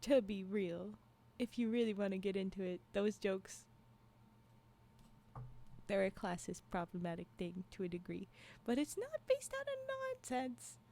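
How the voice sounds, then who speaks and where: A woman livestreamer chats casually with her viewers, rambling through asides, laughing often, and frequently restarting or trailing off. Her voice is medium-pitched, warm, and sing-song, at a moderate pace with long pauses.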